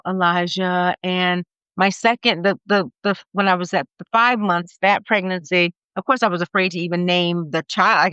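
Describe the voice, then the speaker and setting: Bright-voiced woman telling an emotional story. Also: mid-range voice, smooth, dry recording. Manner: halting, emotional retelling with many fillers. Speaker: podcast guest. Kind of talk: personal storytelling. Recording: slightly muffled dry recording.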